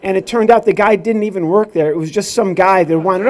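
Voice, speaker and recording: Man, stand-up comedian, middle-aged, from rural Illinois, high voice, storytelling with acted-out dialogue. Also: moderate pace. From rural Illinois, US Midwest. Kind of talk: stand-up comedy at a corporate event.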